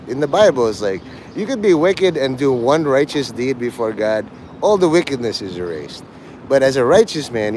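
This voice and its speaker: Animated, crude rambling male livestreamer. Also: medium pitch, slight background noise. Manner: crude, rambling, jokey, breaks into laughter. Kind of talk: rambling live-stream chat.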